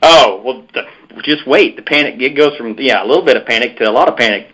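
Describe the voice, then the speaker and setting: A man's voice: medium pitch, fast talker, a bit bright, breathy edge, poor audio. A man guest on a podcast, telling a story in a rambling way with lots of fillers and restarts. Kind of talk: casual storytelling interview.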